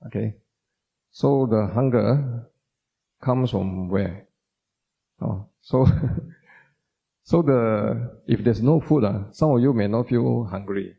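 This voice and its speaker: A man's voice: mid-range voice, slow pace, gravelly, pauses often, breathy edge. A man giving an informal teaching talk, repeating words for emphasis and putting questions to the audience. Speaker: doctor giving a Buddhist talk. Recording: dull lo-fi sound.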